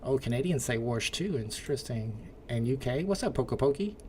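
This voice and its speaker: A man's voice: mid-range voice, expressive, brisk, darkish tone, a little hiss or hum. A man with an Indiana accent hosting a casual livestream, chatting and answering comments from chat. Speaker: livestream host.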